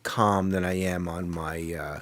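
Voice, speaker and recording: A man's voice: low voice, fairly even intonation, unhurried, fairly bright tone. A man with a New Jersey accent co-hosting a casual show, joking and slipping into mock voices. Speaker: co-host. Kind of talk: casual podcast banter.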